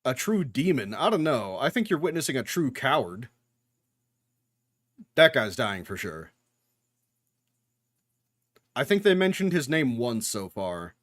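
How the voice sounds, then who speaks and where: Lively young man reacting to anime. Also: medium pitch, measured pace, pauses often, dry recording, studio quality. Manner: talks back to the screen, joking and swearing. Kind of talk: casual live reaction commentary.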